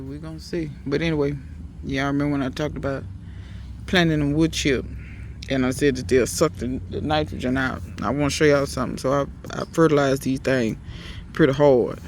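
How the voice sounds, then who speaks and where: Man, gravelly voice, slightly high, casual garden vlog, outdoors, chatty and emphatic, phone camera. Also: slight background noise. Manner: chatty, emphatic, addresses viewers as y'all. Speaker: home gardener.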